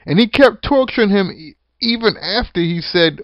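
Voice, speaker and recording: A man's voice: high voice, lively intonation, moderate pace, few pauses, dry recording. Profane, rambling man ranting on lo-fi audio. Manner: rambling, frequent swearing and restarts. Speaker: wrestling commentary vlogger. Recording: dull lo-fi dry recording.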